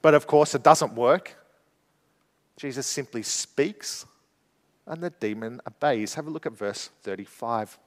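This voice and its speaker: A man preaching a sermon, explaining a scripture passage and moving between hushed and emphatic delivery. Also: mid-range voice, measured pace, long reverb tail.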